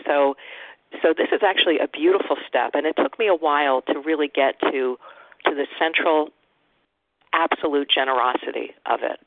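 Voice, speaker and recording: A woman speaks in a heartfelt, reflective way at a recovery meeting. Her voice has a gravelly edge, and the audio is dry and narrow like a phone call. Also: low voice, normal speed, dry recording. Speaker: meeting member sharing. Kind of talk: personal sharing at a recovery meeting. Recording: tinny phone-line audio.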